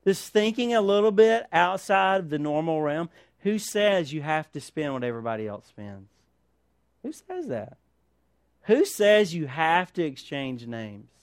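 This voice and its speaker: A male pastor preaching with a high, lively voice that swoops up and down. He keeps firing rhetorical questions and asking for an amen. The sound is close and dry. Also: a little slow, clear, resonant tone, no room sound. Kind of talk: sermon.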